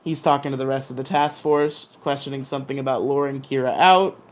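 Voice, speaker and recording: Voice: mid-range voice, steady tone, a little fast, slight background noise. Playful podcast host recapping a show. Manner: playful, hums dramatic sound effects and laughs. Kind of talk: casual episode recap.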